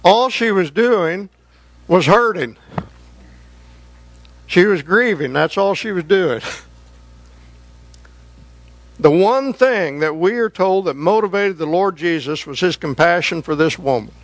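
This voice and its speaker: A man preaching a sermon in an earnest way, slowing down and rising in pitch to stress his points. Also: animated. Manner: slow, earnest preaching that rises in pitch for emphasis.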